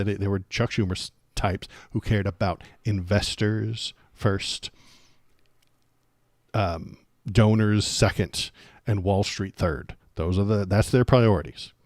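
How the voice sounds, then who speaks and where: A man's voice: on the low side, steady tone, moderate pace, a little mellow, no room sound, studio quality. A man hosting a political livestream, talking casually with a sarcastic, rambling, jokey manner.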